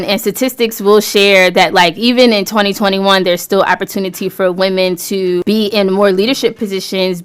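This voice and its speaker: A woman hosting a radio talk show with a smooth, resonant voice and an upbeat, enthusiastic delivery. Her pitch sits in an ordinary middle range for a woman.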